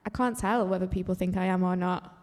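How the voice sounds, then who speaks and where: A woman's voice: on the low side, steady tone, a little fast, darkish tone. A woman from Manchester with a light Mancunian accent, a panel guest talking candidly in a casual discussion and swearing freely. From Manchester, England. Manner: candid, swearing, laughing asides. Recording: roomy hall reverb.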